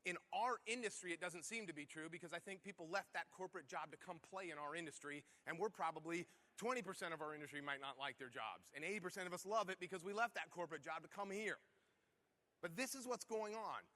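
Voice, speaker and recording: A man's voice: high voice, fast, sharp tone. A man giving a motivational keynote talk to a conference audience, firing off punchy rhetorical questions. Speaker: conference speaker.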